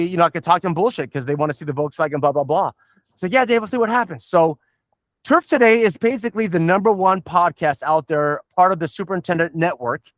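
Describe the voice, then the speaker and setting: Podcast host, middle-aged man, high voice, dry close sound, rambling and profane. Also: no echo. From Southern United States. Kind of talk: casual podcast chat.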